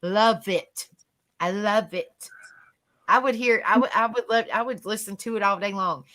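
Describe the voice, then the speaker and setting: Bright-voiced woman hosting a chatty live stream. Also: medium pitch, moderate pace. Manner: chatty, repeats herself, laughs easily. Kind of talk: casual chat on a live stream.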